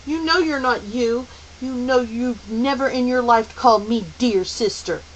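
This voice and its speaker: A woman voicing a stubborn teenage girl who talks back loudly and defiantly. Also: a little high, unhurried, a little hiss or hum, pitched above the performer's own voice, close to an everyday voice, low-quality recording. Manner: loud, defiant.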